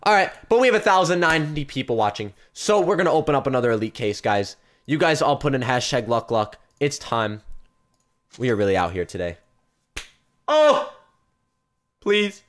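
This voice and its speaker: An excitable young man narrating his gameplay live to his viewers, his pitch leaping all over as he bursts into sudden yelps and shouts. His voice sits at an everyday middle pitch. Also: brisk. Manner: chatty, talks straight to viewers. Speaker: gaming streamer.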